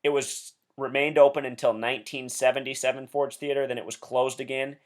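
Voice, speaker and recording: A man of ordinary pitch delivers a solo commentary straight to his viewers. He speaks intensely and with emphasis, leaning on each point as he goes. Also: little pitch movement, fairly quick. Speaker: blogger and video host.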